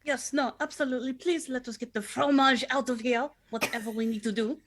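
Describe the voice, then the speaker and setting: A woman's voice: sits high, fairly even intonation, fairly quick. A woman player joking in a self-mocking way during a tabletop game. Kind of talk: tabletop role-play chat.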